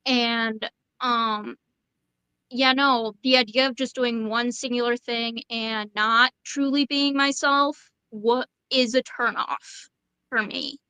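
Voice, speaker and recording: A woman's voice: fairly high pitch, fairly even intonation, slow pace, sharp tone, smooth, no echo, low-quality recording. A woman in her twenties, a podcast guest, speaking casually and hesitantly with many fillers and restarts. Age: 20s. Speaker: interview guest. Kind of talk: casual interview chat.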